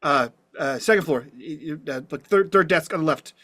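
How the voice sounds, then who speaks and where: A man's voice: fairly high pitch, a little fast, a bit bright. A man voicing a flustered teenage boy running errands in a newsroom, stammering through his answer.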